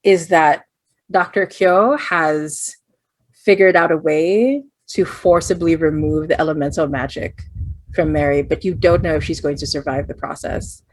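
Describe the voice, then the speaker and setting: A woman with a lowish voice narrates a tabletop role-playing game as its game master. She describes scenes in a loose, thinking-aloud way, full of fillers and restarts. The sound is close and dry. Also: unhurried, dry recording.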